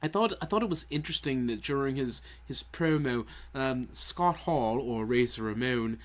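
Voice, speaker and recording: Podcast co-host, male, dry wit, pitch swings widely. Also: normal speed. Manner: dry, wry humor with animated pitch. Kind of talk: casual chat.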